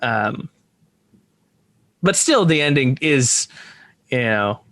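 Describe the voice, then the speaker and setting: A man's voice: mid-range voice, sing-song, slow pace, a bit bright. A man co-hosting a podcast, musing about films in casual chat, often restarting his sentences and trailing off. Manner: rambling, full of restarts and hesitations. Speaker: podcast co-host. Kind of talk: casual film discussion.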